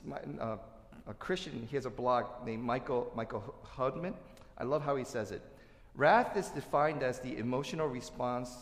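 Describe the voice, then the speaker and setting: A male pastor preaching a sermon, animated, swinging between loud emphasis and quiet asides. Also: medium pitch. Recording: echoey hall with long reverb.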